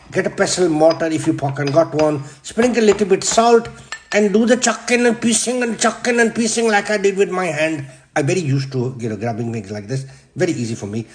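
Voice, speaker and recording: A man with a Yorkshire accent hosting a comic cooking demonstration, brash and deadpan, swearing constantly as he talks through the steps. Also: sits high. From Yorkshire, England. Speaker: cooking show host.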